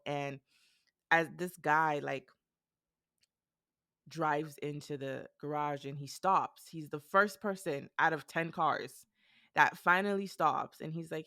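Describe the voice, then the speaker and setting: A young adult woman hosting a podcast, telling a personal story in a casual, animated way and acting out the dialogue. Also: sits low, moderate pace, dry recording, clean studio sound. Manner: animated, retells events with quoted dialogue. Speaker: podcast host.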